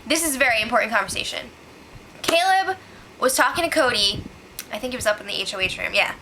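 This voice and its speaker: A woman giving a casual, animated spoiler recap, exclaiming and acting out what people said. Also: a little high, fast talker, noisy background. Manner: animated, exclaiming, acts out quotes. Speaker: show recap host.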